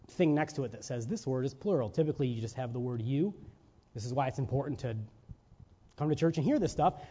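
High-voiced preacher in a reverberant hall. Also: male voice, dark tone, slightly rough. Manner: rhetorical questions and checks with listeners; emphatic, stressing single words. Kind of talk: sermon. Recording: reverberant hall, dull lo-fi sound.

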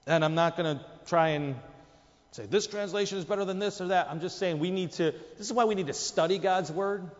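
A man's voice: high voice, a little fast, in a large hall, lo-fi sound. A man preaching a sermon, emphatic, his voice jumping up for quoted lines. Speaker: pastor.

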